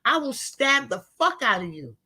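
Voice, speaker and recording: A woman's voice: sits high, big pitch swings, normal speed, sharp tone, husky. A woman in her fifties ranting bluntly to her viewers in a casual, profane monologue. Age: 50s. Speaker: vlogger talking to her live viewers.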